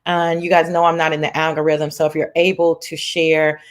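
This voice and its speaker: A woman hosting a casual livestream chat from her laptop, sassy and playful, greeting viewers by name in a lively sing-song. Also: low voice, normal speed. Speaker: livestream host. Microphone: laptop mic.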